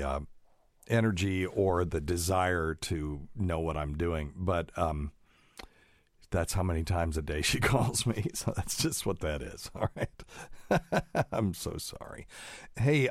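A man talks through a solo podcast in a low, deep voice. The sound is close and dry, with no room around it. He rambles, trails off with fillers, and fusses over correct word usage. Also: no room sound. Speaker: podcast host, doctor. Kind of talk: casual solo podcast monologue.

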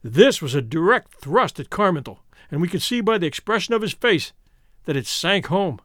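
Man, adventure story narrator, high lively voice, dry close mic. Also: normal speed, no echo. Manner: expressive, animated storytelling. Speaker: audiobook narrator.

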